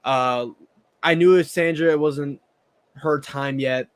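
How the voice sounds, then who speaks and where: This podcast co-host, a Southern American man, talks slowly and clearly in a fairly high, resonant voice with fairly even intonation. His chat is casual, and he tends to repeat words when beginning sentences.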